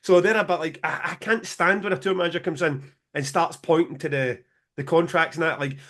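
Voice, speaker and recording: Scottish guy on a podcast, fairly high voice, swears a lot, laughs mid-story, really animated. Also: a little fast. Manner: animated, sweary, laughs through his stories. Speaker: podcast co-host, music promoter. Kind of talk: casual storytelling chat.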